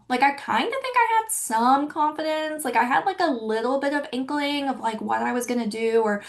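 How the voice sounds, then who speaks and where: A woman in her early thirties talks openly and casually, full of little fillers as she hosts her own podcast. Her voice sits a bit high, with a gravelly fry at the ends of phrases. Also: expressive, a little fast, few pauses. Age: 30s. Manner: candid and chatty, many likes and you-knows. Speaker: podcast host. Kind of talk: personal reflective monologue.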